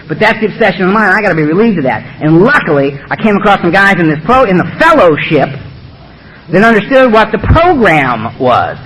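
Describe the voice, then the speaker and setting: A man's voice: high voice, big pitch swings, fairly quick, a bit bright, some chatter behind, slight background noise, poor audio. A man speaking at a recovery meeting, blunt, emphatic and humorous, with a lot of swearing. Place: meeting room.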